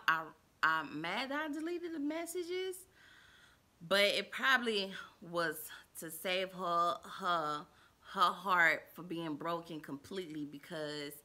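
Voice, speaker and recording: A woman vlogger telling a personal story in a dramatic, animated way, swinging from loud outbursts to hushed asides. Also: fairly low pitch. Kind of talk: storytime vlog.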